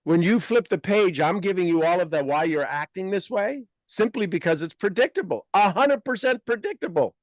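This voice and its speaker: Emphatic, blunt man, high voice. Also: moderate pace, few pauses, no echo, studio quality. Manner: emphatic, blunt, animated coaching talk. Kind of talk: casual podcast conversation.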